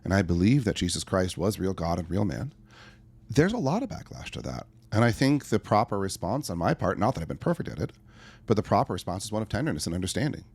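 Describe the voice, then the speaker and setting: With a fairly low, husky, slightly mellow voice and a sing-song, quick delivery, a middle-aged life coach tells stories as a podcast guest. He's earnest and conversational, acts out his asides, and the recording has no echo.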